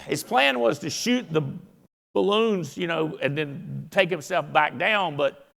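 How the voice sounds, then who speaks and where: A man with a drawl speaks to a convention crowd, folksy and easily excited as he rambles through stories. His voice sits a bit high and has a gravelly edge. The sound carries a long reverb from the large hall. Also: measured pace. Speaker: company founder speaking at a convention. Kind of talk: motivational convention speech.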